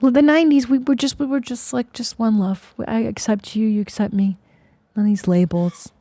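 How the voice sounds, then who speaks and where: A woman's voice: fairly high pitch, fairly even intonation, moderate pace, mellow, no room sound. A woman in her forties hosting a comedy podcast, riffing in a sarcastic, profane way. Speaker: podcast host.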